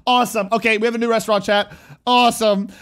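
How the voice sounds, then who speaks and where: A man's voice: sits high, quick pace, clear, resonant tone. A young man streaming a casual reaction to a TV clip, joking and talking back at the screen. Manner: excitable, jokey, talks back at the screen.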